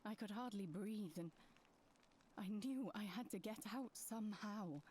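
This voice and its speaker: An actress playing a weary young woman recovering from poisoning, speaking slowly and reluctantly in video game dialogue. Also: medium pitch, darkish tone, slight background noise, lightly acted. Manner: slow, tired, reluctant.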